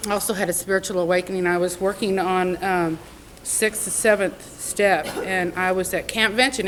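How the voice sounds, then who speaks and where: A woman's voice: on the low side, steady tone, moderate pace, a bit bright, slight background noise, low-quality recording. A middle-aged woman giving a personal recovery testimony as a convention speaker, heartfelt and conversational, with many fillers. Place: convention meeting room.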